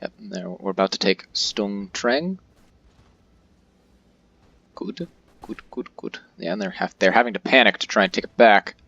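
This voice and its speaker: A man's voice: lowish voice, lively intonation, normal speed, creaky, pauses often, fairly bright tone, lo-fi sound. Jokey man commentating a strategy game. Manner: chatty, jokey, reacts aloud to the game. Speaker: let's-play host.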